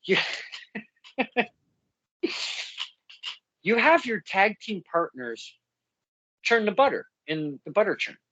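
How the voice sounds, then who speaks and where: A chatty interviewer who keeps laughing through their own stories, with a lively voice that swings up and down in pitch. The recording is dry and close, with no room sound. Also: slow, pauses often, dry recording, lo-fi sound. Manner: animated, laughs often mid-sentence. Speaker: podcast interviewer. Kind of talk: casual interview chat.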